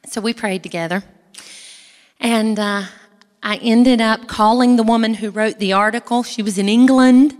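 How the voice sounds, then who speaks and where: A woman's voice: a little high, fairly even intonation, moderate pace. Folksy woman giving a testimony. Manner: folksy, chatty, addresses the audience directly. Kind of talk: church testimony to an audience. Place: large hall, speaking from a stage. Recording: echoey hall with long reverb.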